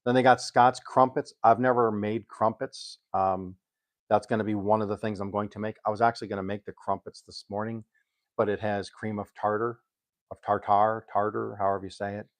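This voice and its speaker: Chatty older man, low voice. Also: flat delivery. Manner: rambling and chatty, pausing with ums while reading aloud. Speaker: home cook hosting a live stream. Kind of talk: casual cooking live-stream chat.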